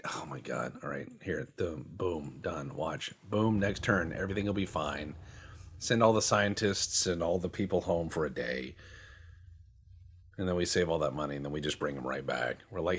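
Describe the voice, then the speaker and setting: Husky low-voiced man joking over gameplay. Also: lively intonation. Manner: joking, acts out imagined dialogues in quick quoted voices; mumbles to himself while navigating menus. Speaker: gameplay commentator. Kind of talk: rambling gameplay commentary.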